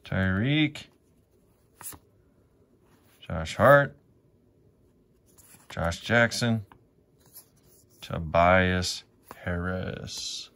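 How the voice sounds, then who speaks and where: A man's voice: low voice, lively intonation, extremely slow, pauses often, fairly bright tone. A man commentating casually as he opens sticker packs, swearing often, grumbling about bad pulls and talking to his viewers. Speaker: sticker pack opener. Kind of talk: casual pack-opening vlog commentary. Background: wrappers crinkling, faint clicks.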